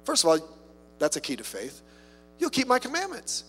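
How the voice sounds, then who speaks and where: A man's voice: extremely high pitch, wildly swooping pitch, normal speed, a bit bright, slightly rough. A man preaching a sermon in a conversational way, with rhetorical questions and humorous asides. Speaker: pastor. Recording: long reverb from a hall.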